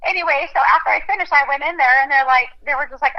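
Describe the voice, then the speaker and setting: A woman's voice: high voice, quick pace. A young adult woman from Texas, a country singer, chatting casually in an interview and laughing often, heard over a phone line. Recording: muffled phone-line audio.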